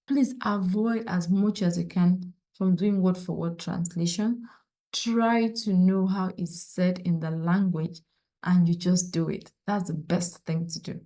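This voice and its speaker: Woman teacher for an online French lesson, mellow voice, patient, repeats examples slowly. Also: mid-range voice.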